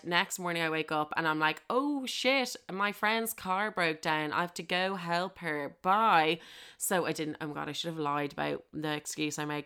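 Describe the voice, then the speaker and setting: A young woman spins a cheeky, swear-filled tale from her own life, laughing at herself as she goes. Her voice sits fairly low for a woman, and it comes through smooth and clear. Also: a bit bright. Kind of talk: frank comic storytelling.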